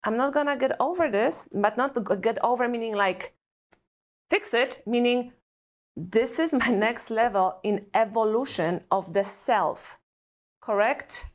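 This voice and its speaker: Eastern european accent woman, kinda high pitched, earnest, keeps asking herself questions. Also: measured pace. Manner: earnest, reflective, asks herself rhetorical questions. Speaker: guest expert on parenting and trauma. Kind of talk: podcast conversation.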